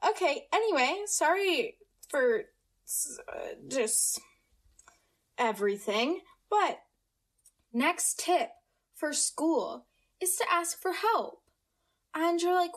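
A teenage American girl hosting a casual podcast, chatty and upbeat, jumping between quick asides. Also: high voice, very animated. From United States. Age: teens. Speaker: podcast host. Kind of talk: casual chat.

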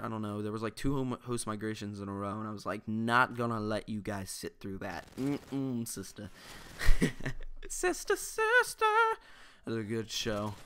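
A man's voice: fairly low pitch, creaky, fairly bright tone, a little hiss or hum. A young man giving casual, rambling gameplay commentary, often joking at his own expense. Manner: rambling, self-mocking, restarts often. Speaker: gaming YouTuber.

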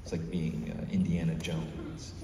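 A man's voice: low voice, level tone, unhurried, mellow. A man answering fan questions on a convention panel in a casual, joking way. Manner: jokey, laughing often. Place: convention hall, large indoor room. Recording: echoey hall, far mic, noisy.

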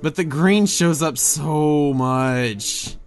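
A man's voice: a little high, drawn-out words, soft background music. A young man hosting a gaming channel, chatting playfully through gameplay commentary and laughing often.

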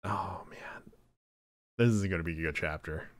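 A man's voice: low voice, normal speed. A young man streaming a game, talking in a reflective, emotional way and sighing often. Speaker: gaming streamer. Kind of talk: let's play commentary. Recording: game music behind voice. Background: game music.

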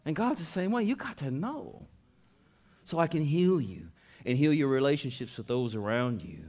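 A man preaching a sermon as pastor in a conversational style, dropping to soft asides and rising to loud emphatic stretches. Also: a little high, sing-song, moderate pace.

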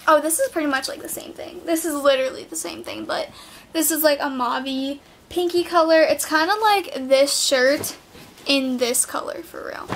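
A woman's voice: sits high, normal speed, a bit bright, slight background noise. A teenage girl chatting at home in a clothing haul vlog, bubbly and full of "like"s. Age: late teens. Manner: bubbly, chatty, filler-heavy talk with many "like"s. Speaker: vlogger. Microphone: built-in camera mic.

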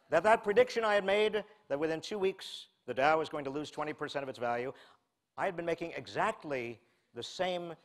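A man in his sixties from the United States giving a humorous public lecture, telling a wry self-mocking story with deadpan asides. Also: a little high, brisk. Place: lecture hall before a live audience.

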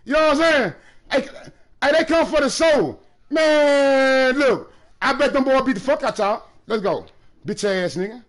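A man streaming a basketball video game, taunting other players loudly, often breaking into shouts. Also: extremely high pitch, expressive, unhurried. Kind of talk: trash talk during live gameplay.

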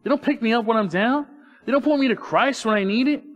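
A man's voice: very high-pitched, fast, lo-fi sound. A man preaching a sermon in church, talking to the congregation casually and asking rhetorical questions. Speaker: pastor. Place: church sanctuary.

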